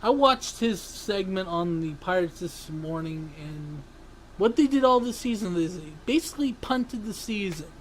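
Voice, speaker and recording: A sports vlogger ranting angrily, swearing and breaking into sudden yells, then apologizing for them. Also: medium pitch, animated, a little slow, slight background noise, rough recording. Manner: ranting, swearing, bursts into yelling; self-interrupting, apologizes for yelling. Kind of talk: angry sports rant.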